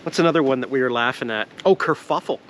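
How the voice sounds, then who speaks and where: A Canadian man talks through his day outdoors in a loose, rambling way. He jokes, laughs easily and drops the odd swear word, with his voice at a middling pitch. Faint outdoor sounds sit behind him, with a vehicle passing now and then. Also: fast, fairly bright tone, slight background noise. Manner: rambling, jokey, laughs often, swears casually. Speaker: vlogger. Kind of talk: casual outdoor vlog chat. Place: outdoors in the woods at a sap boil.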